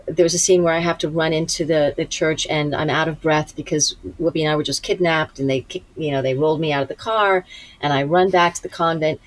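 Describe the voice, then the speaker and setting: A woman actress being interviewed, telling lively stories with frequent laughter. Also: low-pitched, a little fast, dry recording, rough recording. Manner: lively, laughs often, acts out quotes. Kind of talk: animated storytelling.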